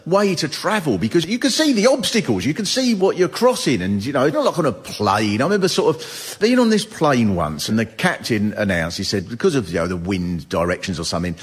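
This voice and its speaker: A man doing stand-up comedy, telling stories with animated, mock-outraged outbursts. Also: medium pitch, brisk, hardly any pauses, husky, in a large hall. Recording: noisy live recording with audience laughter.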